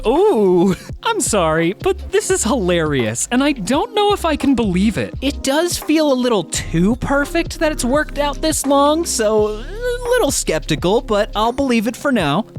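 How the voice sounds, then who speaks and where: Brief: narrator reading internet confessions, expressive and varied in pitch, quick chatty asides, faint music bed. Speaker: narrator reading online posts and comments. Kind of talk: scripted narration with casual asides.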